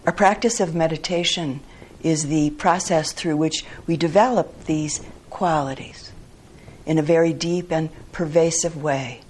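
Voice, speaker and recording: A woman meditation teacher giving a dharma talk, speaking in a measured, reflective way with pauses. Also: sits low, steady tone, darkish tone, a little hiss or hum.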